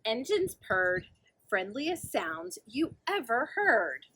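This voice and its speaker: Breathy, high, lively woman reading aloud. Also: takes it slowly. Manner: animated, singsong, asks listeners questions. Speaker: children's librarian. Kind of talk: storytime read-aloud.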